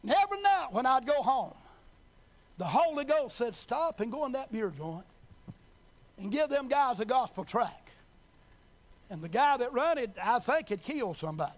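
This sermon comes from a man with a very high-pitched, sing-song voice, moving at normal speed with long pauses. He builds to shouted, chanting emphasis, then drops to a quiet, folksy tone, repeating phrases and asking the congregation if they hear him.

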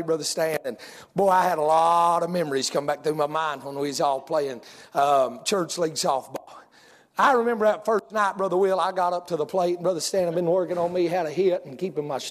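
A man's voice: sits high, in a large hall. A man preaching a sermon, telling folksy stories that rise into hollering. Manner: folksy storytelling, rising to hollering.

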